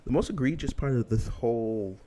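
A man's voice: medium pitch, expressive, a little fast, mellow, a little hiss or hum. A man hosting a commentary show, ranting bluntly and emphatically with crude language. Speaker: commentary host.

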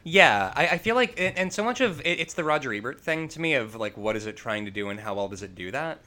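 A man co-hosting a relaxed film podcast, talking in long, rambling runs and swearing casually. His voice is bright and clear, and his pitch moves a lot. He sounds animated and chatty. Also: fast. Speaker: podcast co-host. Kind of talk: casual film review chat.

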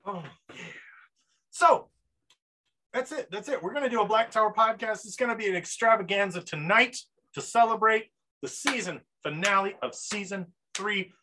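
A man's voice: high-pitched, normal speed, bright, forceful tone. A man hosting a podcast in an upbeat, hype-style casual chat, full of fillers. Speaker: podcast host.

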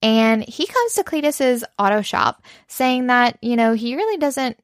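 A woman in casual chat, excitedly recapping a romance novel and swearing freely. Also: a little high, unhurried, dry recording, studio quality.

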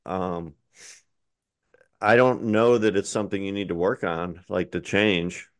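A man co-hosting a casual podcast chat, relaxed and encouraging, with frequent fillers. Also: low-pitched, unhurried, no echo. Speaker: podcast co-host.

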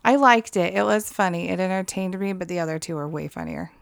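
Gravelly-voiced woman chatting casually. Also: lowish voice, fairly quick, no echo, clean studio sound. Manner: giggly, chatty. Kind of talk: casual chat.

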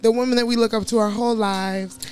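A woman co-host in a loose celebrity gossip chat. She is playful and slangy and keeps dropping in quick interjections. Her voice sits somewhat high. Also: steady tone, darkish tone. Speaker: podcast co-host.

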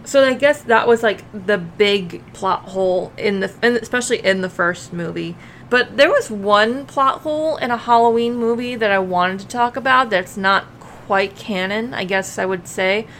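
A woman's voice: mid-range voice, moderate pace, a bit bright. A woman co-hosting a podcast chats bluntly, her voice sitting in a middle range. She swears offhandedly as she talks. A faint hiss runs under the recording. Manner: chatty, blunt, swears casually. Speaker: podcast co-host. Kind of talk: casual chat.

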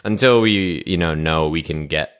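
A man's voice: extremely low pitch, normal speed, a bit bright, clean tone. A man co-hosting a podcast, talking casually with lots of filler words and easy laughs. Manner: rambling, heavy on fillers like "like", laughs easily. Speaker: podcast co-host. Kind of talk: casual chat.

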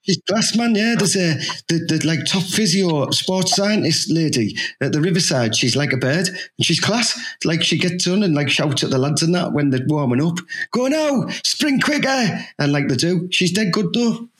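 Man, higher pitch, blunt slangy banter, comedy podcast guest. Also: expressive, normal speed, hardly any pauses, fairly bright tone. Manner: blunt, slangy, keeps asking "you know what I mean". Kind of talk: improvised comic chat.

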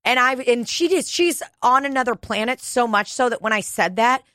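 A woman's voice: on the high side, normal speed, fairly bright tone, no echo, clean studio sound. Profane, candid woman telling stories. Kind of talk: casual chat.

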